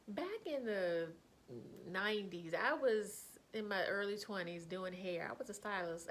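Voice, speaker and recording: A woman in her fifties telling embarrassing stories in a casual vlog, animated and quick to laugh. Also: vocal fry, a little hiss or hum. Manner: animated, laughs often, jumps into high quoted voices. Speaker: vlogger. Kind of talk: casual storytelling.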